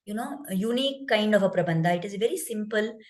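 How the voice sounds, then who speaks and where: A woman's voice: mid-range voice, fast talker, poor audio. Woman telling a devotional story. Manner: explanatory, with rhetorical asides. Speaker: spiritual teacher.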